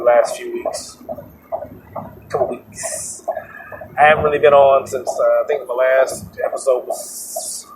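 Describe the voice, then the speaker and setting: A man hosting his own show, talking in a loose, rambling monologue, laughing often and restarting his sentences. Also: mid-range voice. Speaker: podcast host. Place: moving vehicle. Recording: road noise in a car. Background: road noise.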